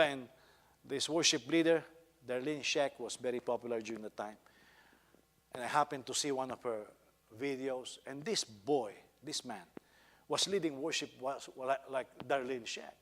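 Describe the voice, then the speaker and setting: A man's voice: mid-range voice, normal speed, fairly bright tone, in a large hall. A man with a Filipino accent, a pastor telling a personal story in a sermon and rising into emphatic exhortation. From Philippines.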